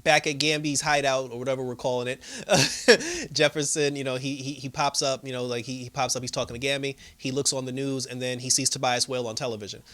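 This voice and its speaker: A man casually recapping a TV episode, animated, with lots of fillers and frequent laughter. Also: medium pitch, a little fast. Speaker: show reviewer.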